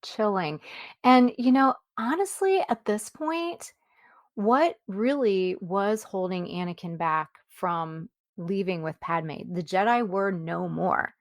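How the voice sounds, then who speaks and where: A woman's voice: mid-range voice, slow pace, no echo, clean studio sound. A woman co-hosting a podcast, talking over a film in a reflective, casual chat. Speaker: podcast co-host.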